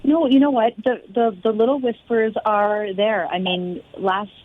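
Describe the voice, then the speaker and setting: A woman's voice: medium pitch, measured pace, a little hiss or hum. Woman telling a story over a tinny phone. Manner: animated storytelling that acts out quoted exchanges. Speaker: guest, fitness studio owner. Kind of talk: storytelling interview answer. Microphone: phone line.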